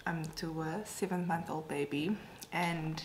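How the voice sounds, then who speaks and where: Mom vlogging at home on her phone, slow and chatty, lots of ums, faint noise behind. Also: low-pitched, fairly even intonation. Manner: emotional, chatty, rambling with fillers. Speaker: vlogger, mother. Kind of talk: casual home vlog. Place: home, indoors.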